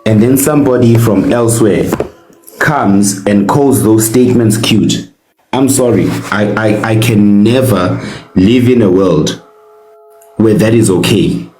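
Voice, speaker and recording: A man's voice: lowish voice, unhurried, a little mellow, echoey room, a little hiss or hum, poor audio. A South African man on a live panel debate, speaking indignantly and repeating his points for emphasis.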